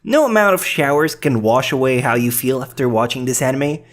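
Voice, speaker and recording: A man from France with a French accent hosts an anime countdown list, reading scripted commentary in a cheeky, teasing way with some swearing. His medium-pitched voice is expressive and a little fast.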